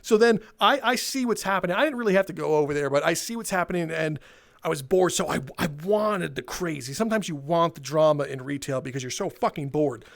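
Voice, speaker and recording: High-voiced animated young man storyteller. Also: a little fast, creaky. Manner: animated, laughing, swearing. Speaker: gaming video host telling a retail story. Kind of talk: casual storytelling over gameplay.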